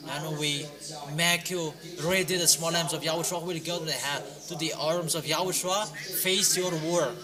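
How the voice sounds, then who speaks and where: A man preaching a sermon, exhorting his listeners with loud, emphatic commands that fall back to quieter lines. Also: fairly even intonation, normal speed. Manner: exhorting, rising to loud emphatic commands then dropping low. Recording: clear music playing behind the voice.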